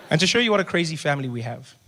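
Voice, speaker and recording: South African comic with a high, lively voice. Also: male voice, noisy background. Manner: animated storytelling with acted-out voices. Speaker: stand-up comedian. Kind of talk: stand-up comedy. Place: comedy stage before an audience.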